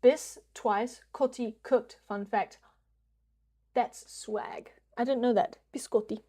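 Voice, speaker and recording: A woman's voice: fairly high pitch, fairly even intonation, slow pace, warm tone. A young woman with a New Zealand accent, streaming a guessing game in casual commentary, jokey, swearing freely and slipping into mock rants.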